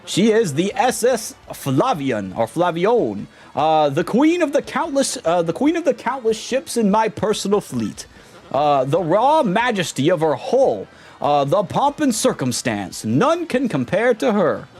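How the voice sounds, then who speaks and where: A man's voice: high voice, big pitch swings, measured pace, darkish tone, breathy edge, voice pushed up, exaggerated voice. A man voicing a pompous, boastful wealthy male ship owner, reading game dialogue aloud in a grand, theatrical way. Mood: grandiose.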